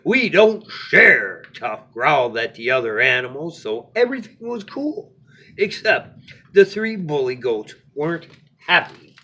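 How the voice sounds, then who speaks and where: A man hosting a bedtime story show, reading a children's story in a playful, animated way. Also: mid-range voice, unhurried.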